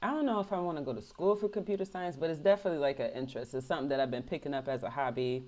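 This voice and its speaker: A woman hosts a relaxed interview, talking in a loose, slangy way. Her voice sits low for a woman. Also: rapid-fire. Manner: casual, slangy, reactive. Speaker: host. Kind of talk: casual interview chat.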